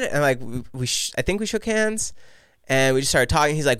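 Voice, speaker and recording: A man co-hosting a podcast, telling a long animated story in casual chat, full of "like" asides. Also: mid-range voice, fairly quick, clear, resonant tone, no echo, studio quality. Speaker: podcast co-host.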